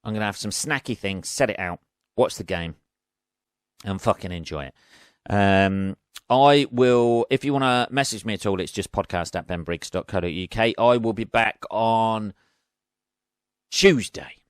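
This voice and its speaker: A man's voice: on the low side, moderate pace, clean tone, no room sound, clean studio sound. An English man hosting his own podcast, rambling and swearing freely, joking darkly and acting out both sides of imagined conversations. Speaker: podcast host. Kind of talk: casual solo monologue.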